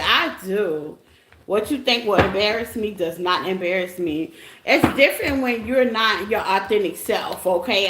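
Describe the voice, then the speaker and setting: Playful, teasing woman in an echoey room. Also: mid-range voice. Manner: playful, teasing, laughs often; chatty, calls listeners y'all and baby. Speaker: tarot reader. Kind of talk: casual live tarot reading. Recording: echoey room with background noise.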